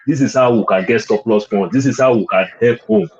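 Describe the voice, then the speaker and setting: A man's voice: medium pitch, animated, fairly quick, dull audio, a little hiss or hum. A Nigerian man in casual conversation, slipping into Pidgin and making his points with emphasis. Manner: mixes in Pidgin, emphatic and persuasive. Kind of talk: casual chat.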